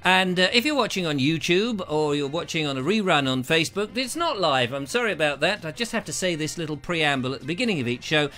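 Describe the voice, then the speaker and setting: A British man with a high, bright voice hosts a live stream, jokey and theatrical. His pitch swoops all over as he trades puns and silly voices with viewers. He is recorded close on a lapel mic. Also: expressive, brisk, hardly any pauses, soft background music. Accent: British English. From England. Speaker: live show host. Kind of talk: comic live-stream chat. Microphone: lavalier.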